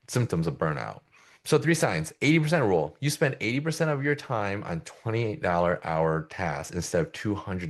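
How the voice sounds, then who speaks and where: A middle-aged man presenting a business coaching session in a conversational way, often checking in with "right?". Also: low-pitched. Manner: conversational, keeps asking "right?". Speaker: agency coach.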